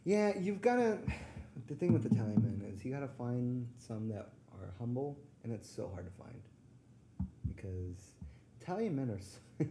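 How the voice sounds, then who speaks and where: A woman's voice: very deep voice, big pitch swings, moderate pace, mellow. A woman co-hosting a podcast in casual chat, blunt and teasing, laughing often. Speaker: podcast co-host. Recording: echoey room, faint noise.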